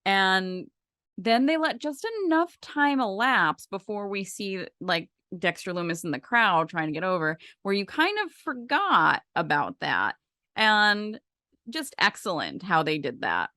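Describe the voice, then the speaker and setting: A woman's voice: medium pitch, sing-song, unhurried, pushed and bright, dry recording, studio quality. A woman co-hosting a podcast, talking casually and rambling with lots of fillers. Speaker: podcast co-host. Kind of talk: casual wrestling chat.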